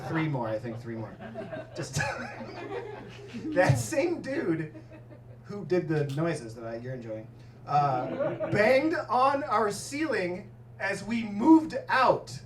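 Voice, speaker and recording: A man doing a stand-up set, telling stories in an animated way and laughing at his own jokes in a comedy club. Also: sits high, slow, crowd noise. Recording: roomy club sound, mic at a distance, audience laughter.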